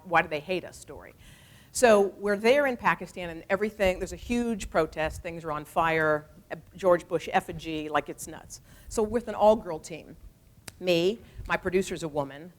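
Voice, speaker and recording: A woman in her forties giving a talk, telling stories in a lively, animated way and acting out the people she quotes. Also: fairly low pitch. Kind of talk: storytelling speech.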